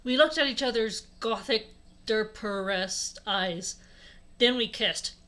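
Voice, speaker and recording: Casting: young woman, comedic read-aloud host, slightly high, bright tone. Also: takes it slowly. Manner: sarcastic, laughing asides between read lines. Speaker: host reading a fan fiction aloud.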